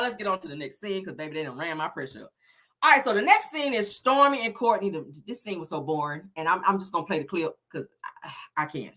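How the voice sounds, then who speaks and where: Animated sassy woman recapping reality TV. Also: medium pitch, quick pace. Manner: animated, sassy, profane, laughs often; acts out the cast's lines in quotes. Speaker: reality show recap host. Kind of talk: casual reality TV recap commentary.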